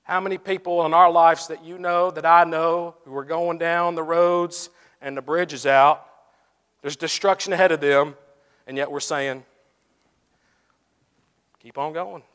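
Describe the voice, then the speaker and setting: A man preaching a sermon and closing in prayer, telling stories animatedly, swinging from loud to hushed. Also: a little high, steady tone, moderate pace, clear, resonant tone. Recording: long hall reverb.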